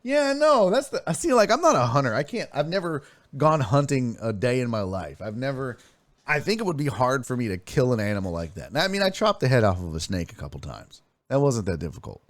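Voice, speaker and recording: Lively, animated man hosting a stream. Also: medium pitch, a little fast, no room sound. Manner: animated, reads chat messages aloud and swears freely. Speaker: sports streaming show host. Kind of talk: casual live-stream chat and storytelling.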